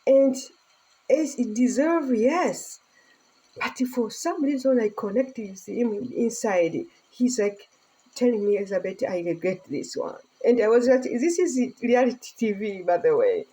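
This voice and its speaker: A woman's voice: a little high, animated, unhurried, warm tone, rough recording. A woman vlogger in a casual chat, talking in rambling, emotional broken English and laughing often.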